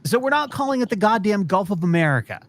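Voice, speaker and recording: Man, podcast host, exasperated profane rant, high-pitched, lively swings. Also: fast talker. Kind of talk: casual ranting chat.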